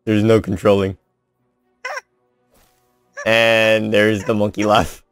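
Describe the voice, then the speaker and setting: A man's voice: fairly low pitch, little pitch movement, slow, fairly bright tone, clean tone, dry recording, soft background music. A young man chatting with a friend while gaming, telling stories animatedly and laughing often. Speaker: gaming streamer. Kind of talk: casual chat while gaming.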